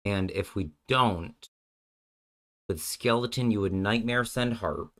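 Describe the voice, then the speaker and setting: A man's voice: fairly low pitch, takes it slowly, a bit bright. A man hosting a casual live stream, working out card game plays while joking with his chat and thinking aloud, often breaking off mid-sentence. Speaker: streamer and host.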